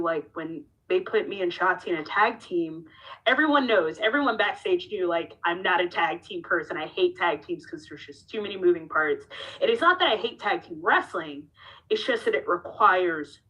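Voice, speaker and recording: A professional wrestler in her thirties gives a candid interview, telling her story animatedly and acting out dialogue with shifting tones. Her voice is on the low side and husky at a moderate pace, and the recording is rough.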